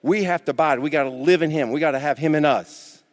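A man preaching a sermon as pastor, emphatic and repetitive, dropping suddenly to quiet. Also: fairly high pitch, fast talker, big-room sound.

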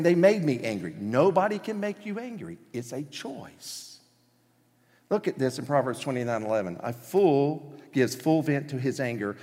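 A male pastor preaching with emphatic conviction, acting out the excuses people make and tossing questions to his congregation. His voice sits at an ordinary pitch and carries a long reverb from a church hall. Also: darkish tone. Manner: emphatic, acts out quotes, asks the congregation questions. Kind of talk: sermon.

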